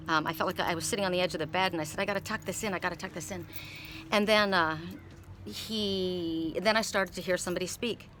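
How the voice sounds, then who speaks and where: A middle-aged woman who reads tarot cards tells a personal story in a rambling, emotional way, repeating words often. Her voice is lowish, and there's noise in the background.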